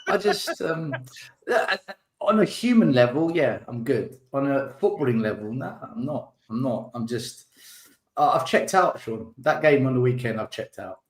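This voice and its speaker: A man's voice: medium pitch, lively intonation, measured pace. A man on a podcast, blunt and frustrated, repeating himself as he vents. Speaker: podcast co-host. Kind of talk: casual podcast chat. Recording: roomy echoey recording.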